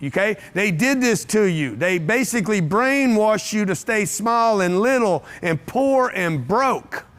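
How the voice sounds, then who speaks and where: Brash seminar speaker, man, high pitch, blunt and profane, talks to a live crowd. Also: expressive, a little slow, few pauses, a bit bright. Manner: brash, blunt and profane, with repeated rhetorical questions. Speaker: motivational speaker. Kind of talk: live seminar talk to an audience. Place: event room with a live audience.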